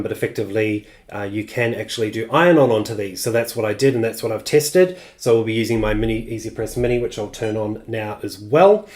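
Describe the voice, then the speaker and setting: A man's voice: on the low side, a little mellow. A middle-aged man hosting a live-streamed craft tutorial, chatty and loose, with plenty of ums and uhs as he answers viewer comments.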